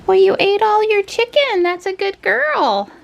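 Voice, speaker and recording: Woman doing sweet pet talk, very high pitched, slow, a bit gravelly. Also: animated, lo-fi sound, slight background noise.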